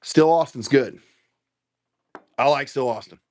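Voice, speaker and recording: A man's voice: medium pitch, unhurried. A man hosting a casual livestream, rambling and swearing as he tastes whiskey and answers viewers. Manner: profane, rambling, animated. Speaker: bourbon livestream host. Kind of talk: casual livestream chat, tasting and reading comments.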